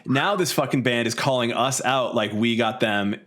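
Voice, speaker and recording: Man, thirties, podcast guest, casual storytelling, animated, swears, laughs often. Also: mid-range voice, moderate pace. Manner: animated, profane, laughs while telling the story.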